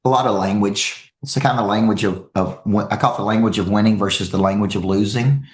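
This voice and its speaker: A man giving a motivational talk to an audience as a coach, telling stories with lively energy and repeating phrases for emphasis. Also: on the low side, fast talker, roomy sound.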